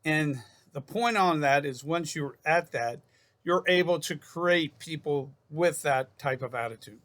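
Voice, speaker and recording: A man's voice: on the high side, measured pace, a bit bright. A man speaking as a psychologist in a casual self-help talk to camera. He rambles, repeats and restarts his phrases, and calls his viewers folks.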